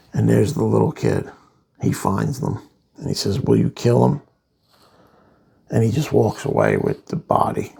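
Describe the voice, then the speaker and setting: A man casually reviewing a comic book, rambling through the plot with asides, in a gravelly voice. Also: fairly low pitch, darkish tone.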